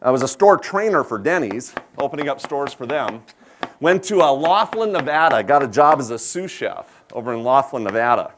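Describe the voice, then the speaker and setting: A man's voice: medium pitch, big pitch swings, normal speed, a bit bright, slight background noise. A man from South Dakota with an Upper Midwest American accent, chatting with a live audience in a folksy, joking way while demonstrating a cooking recipe. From South Dakota, USA. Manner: chatty, folksy, self-deprecating humor. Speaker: chef giving a cooking demonstration.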